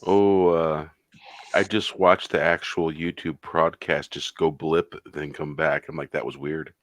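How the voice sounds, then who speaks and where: Low-voiced easygoing man chatting. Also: flat delivery, unhurried, dry recording. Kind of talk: casual chat.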